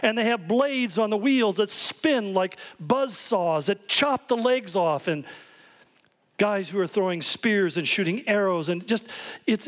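A man preaching a sermon, telling stories and acting out quoted voices with animation. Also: sits high. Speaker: pastor.

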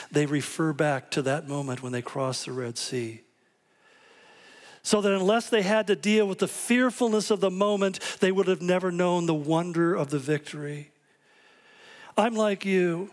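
Guy preaching a sermon, kinda high voice, animated storyteller. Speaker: pastor.

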